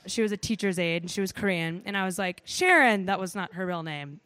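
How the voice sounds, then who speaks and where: A woman telling a comic travel story on stage, animated, swearing freely and saying "like" a lot. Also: on the low side, a little fast, dry recording. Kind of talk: live comedic storytelling.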